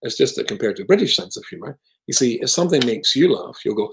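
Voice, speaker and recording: Man with a gravelly, lively voice. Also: mid-range voice, a little fast, slight background noise, poor audio. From Scotland. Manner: wry, self-deprecating, jokey. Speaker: rabbi, guest speaker. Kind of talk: humorous anecdotal storytelling.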